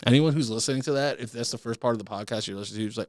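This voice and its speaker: A man's voice: medium pitch, very fast, darkish tone, dry recording. A man hosting a comedic solo podcast, ranting in a profane, mock-outraged way. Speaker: podcast host.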